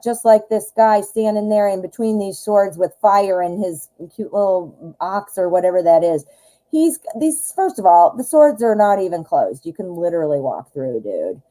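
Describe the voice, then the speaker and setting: Woman doing live tarot readings, mellow warm tone, chatty and excited. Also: mid-range voice, normal speed, poor audio. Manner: chatty and enthusiastic, talks straight to the viewer. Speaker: tarot reader hosting a live show.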